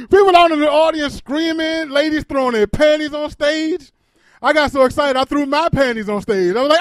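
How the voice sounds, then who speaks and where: A man doing stand-up comedy on a club stage, telling loud, animated stories with shouted bits, then chatting in an interview. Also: very high voice, fairly quick, no room sound, studio quality.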